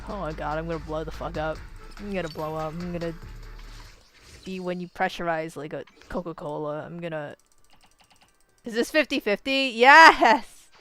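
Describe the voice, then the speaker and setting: A woman streamer giving casual gaming commentary, excitable, swearing and bursting into yells. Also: sits low.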